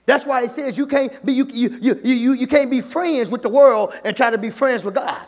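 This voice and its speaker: A man preaching a sermon as pastor in a church, fervent and repetitive, often calling out "my God" and building to shouts. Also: very high voice, brisk. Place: church sanctuary. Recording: echoey church hall with long reverb.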